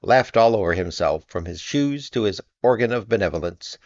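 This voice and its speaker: A man reads a classic tale aloud in a very low voice, paced and expressive. The recording is dull with no room echo at all. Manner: measured, expressive storytelling. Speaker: narrator. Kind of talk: audiobook reading.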